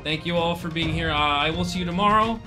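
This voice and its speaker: A man's voice: a little high, fast talker, music in the background. A man in his late twenties hosting a livestream, signing off in a loose, rambling way. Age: late 20s. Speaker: streamer and host. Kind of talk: casual stream chat.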